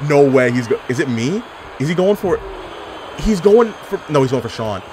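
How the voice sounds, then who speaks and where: A young man calls his online wrestling game live, and his pitch swings widely as he reacts. His tone is sarcastic and full of trash talk. There is a faint hum of noise behind him. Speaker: gaming YouTuber. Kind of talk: live gameplay commentary.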